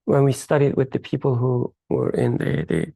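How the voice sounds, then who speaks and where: A speaker in a faith study circle who explains a hadith in a halting, reflective way, searching for words and using uneven English grammar. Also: mid-range voice, lively intonation, vocal fry, dark tone, dry recording.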